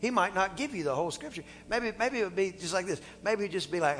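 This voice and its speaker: A male pastor preaching a sermon in a church, animated and playful, acting out little dialogues as he talks. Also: high-pitched, fast talker, long reverb tail, faint music behind. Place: church sanctuary.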